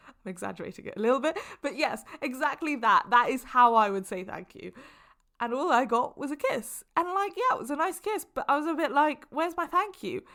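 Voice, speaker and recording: A young woman hosting a casual solo podcast, an animated storyteller who exaggerates and laughs often. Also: high voice. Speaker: podcast host.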